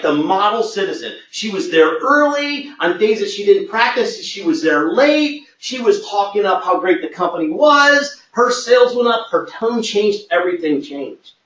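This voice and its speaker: A man as a sales trainer, telling a workplace anecdote in a training webinar and acting out the quoted dialogue. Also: fairly high pitch. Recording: echoey, distant, muffled.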